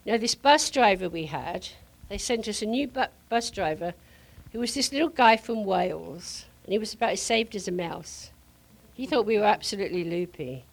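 An older woman preaching to a congregation, telling a lively testimony story with frequent laughter. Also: medium pitch, normal speed, gravelly. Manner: animated storyteller, laughing often.

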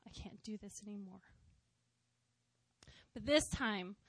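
A woman's voice: mid-range voice, takes it slowly, breathy edge, no echo. A woman in her thirties sharing a personal testimony in church, heartfelt and conversational with touches of light humor.

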